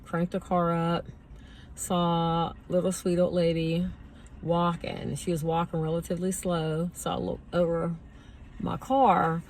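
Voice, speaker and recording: A woman's voice: lowish voice, measured pace, a little hiss or hum. A woman vlogger casually and animatedly telling a story while sitting in a parked car. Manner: chatty, animated retelling.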